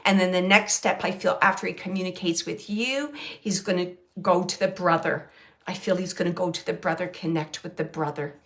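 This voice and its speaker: A woman medium relaying messages to an audience member, speaking softly, often dropping to a hush, with frequent restarts. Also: lowish voice, a little fast. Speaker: medium giving readings. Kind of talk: live mediumship reading to an audience.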